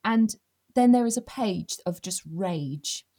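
A woman talks as a guest on an interview podcast. She is animated and expressive, dropping to near-whispers and then rising loud for emphasis. Her pitch sits in the middle range. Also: slow. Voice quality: animated, expressive storyteller, swings loud and soft. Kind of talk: casual interview chat. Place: at home.

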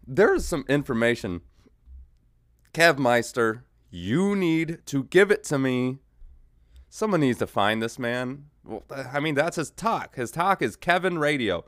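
A man's voice: a little high, sing-song, unhurried, a bit bright, no echo, clean studio sound. A man hosting a podcast, casually riffing and joking about video clips in a rambling, swearing manner. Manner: rambling, swearing, mocking riffs. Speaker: podcast host reacting to clips. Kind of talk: casual comedic commentary.

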